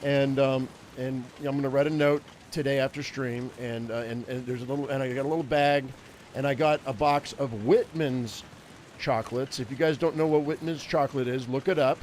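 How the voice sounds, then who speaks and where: A man's voice: mid-range voice, steady tone, moderate pace, darkish tone, a little hiss or hum. A man in his fifties, a game streamer telling a rambling personal story in casual chat. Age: 50s. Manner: rambling, chatty anecdote-teller.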